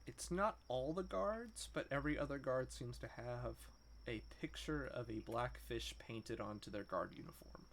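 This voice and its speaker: A man narrating a tabletop role-playing game as game master, in relaxed speech with frequent "um"s. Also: mid-range voice, moderate pace, a little hiss or hum.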